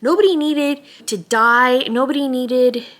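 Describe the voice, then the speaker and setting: A woman's voice: high-pitched, measured pace, a bit bright. A tired, tearful woman rambling emotionally about a book in a late-night vlog, sometimes dropping to a whisper. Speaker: book vlogger.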